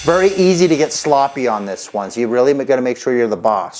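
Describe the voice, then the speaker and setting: A man teaching a casual drum lesson, chatty and relaxed, counting rhythms out loud. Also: mid-range voice, quick pace, few pauses, over loud music. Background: drum kit playing.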